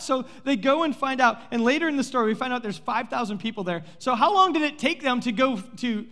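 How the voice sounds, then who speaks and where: A man preaching a sermon as pastor, telling the story in an animated way and playfully acting out the characters with sarcasm. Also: very high voice, brisk, hardly any pauses. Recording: long hall reverb.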